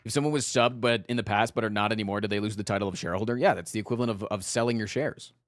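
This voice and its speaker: A man streaming live who chats casually with his viewers, rambling and animated, often tacking "man" onto his sentences. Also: on the low side, rapid-fire, no room sound.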